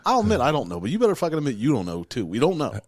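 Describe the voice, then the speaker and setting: A man co-hosting a casual podcast, talking in an animated way and swearing freely. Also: medium pitch, very fast, no echo, studio quality. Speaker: podcast co-host.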